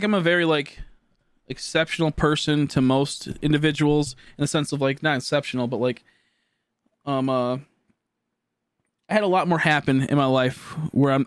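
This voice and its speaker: A man's voice: medium pitch, clear, resonant tone, no room sound. A young man chatting casually on a live stream, rambling and swearing as he talks through his life. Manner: rambling, restarts often, swears when worked up.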